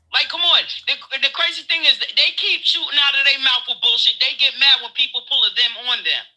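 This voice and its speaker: A man's voice: very high voice, pushed and bright, poor audio. A man co-hosting a casual political chat, profane and heated, laughing as he rants. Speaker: co-host.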